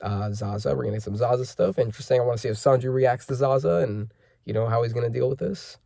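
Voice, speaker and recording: A man's voice: mid-range voice, fast, gravelly, mellow, no room sound, studio quality. A man hosting a casual manga chapter reaction, rambling with lots of fillers and self-corrections as he reads panels aloud.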